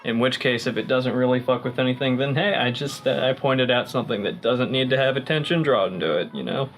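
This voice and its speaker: A man's voice: mid-range voice, fairly quick, faint music behind, poor audio. A young man vlogging in a tipsy, rambling way, joking and swearing freely while he chats to his viewers. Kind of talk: casual rambling vlog.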